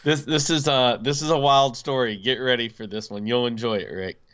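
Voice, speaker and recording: Guy with a smooth resonant voice spinning a wild story, lots of uhs and likes, bit of a dull lo-fi sound. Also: medium pitch, brisk. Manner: animated, acts out quoted voices, frequent fillers. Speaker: podcast co-host telling a story. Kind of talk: casual storytelling.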